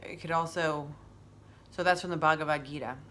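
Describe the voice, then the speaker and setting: A woman's voice: low-pitched, steady tone, fairly quick, a bit bright, slight background noise. A middle-aged woman hosting a wellness stream in casual chat, rambling and openly emotional as she talks.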